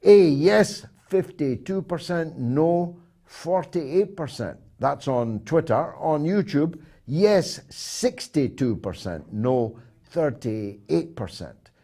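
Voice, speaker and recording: Man hosting a call-in talk show, talks slow, reads donations out dry. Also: on the high side, expressive, warm tone. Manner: measured, reads out polls and donations with dry asides.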